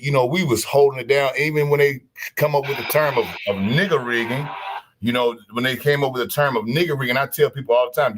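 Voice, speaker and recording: A man holding forth on a casual stream, animated and preachy. He restarts his sentences often and keeps circling back to his point. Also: medium pitch, background noise. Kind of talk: casual chat.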